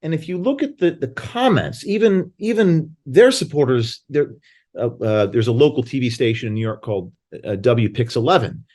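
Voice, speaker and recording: A man in a relaxed conversation, speaking emphatically about his own experiences in a middle-pitched voice. He often stumbles and restarts mid-sentence as his thoughts run ahead. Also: moderate pace. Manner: emphatic, anecdotal, frequent restarts. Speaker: guest. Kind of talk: casual conversation.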